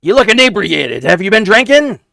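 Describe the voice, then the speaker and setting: A man voicing a small, fussy male goblin who sticks to the rules and scolds in a shrill, quick voice. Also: very animated, creaky, pushed and bright, dry recording, full character voice. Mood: scolding.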